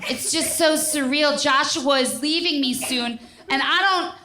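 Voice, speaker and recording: A woman's voice: high-pitched, a little slow, bright, forceful tone, roomy sound. A woman from New Jersey voicing a doting suburban mother shopping for her son's prom, gushing and sentimental, recorded on a live stage with audience noise around.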